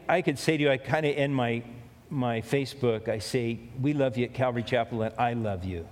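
A pastor giving a conversational sermon, often repeating key phrases for emphasis. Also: male voice, on the high side, in a large hall.

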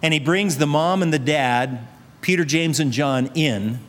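Man, pastor, sermon, unhurried delivery, repetitive exhortation, long hall reverb. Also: on the high side, a bit bright. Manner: earnest, repetitive exhortation with rhetorical questions.

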